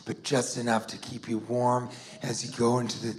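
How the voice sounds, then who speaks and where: A man in his forties doing a rambling, sarcastic stand-up set, sometimes bursting into shouted put-on voices. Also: medium pitch, monotone, moderate pace. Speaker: stand-up comedian. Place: comedy club stage before a laughing audience. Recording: roomy live club sound with crowd.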